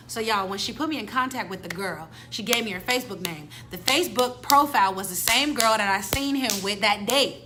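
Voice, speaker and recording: A woman's voice: medium pitch, a little fast, few pauses, noisy background. A woman telling a personal story to her viewers in a casual, slangy, dramatic way. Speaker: storytime vlogger.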